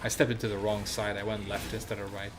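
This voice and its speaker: A man's voice: on the low side, flat delivery, fast. A young man streaming a game, chatting loosely with lots of fillers and casual swearing. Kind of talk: casual chat while gaming.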